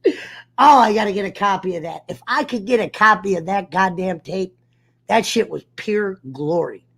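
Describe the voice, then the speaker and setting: A man's voice: high voice, moderate pace, vocal fry, fairly bright tone. Profane fired-up man telling a story. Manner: profane, fired-up storyteller who mimics others. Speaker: host of an online sports talk show. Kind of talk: casual livestream rant.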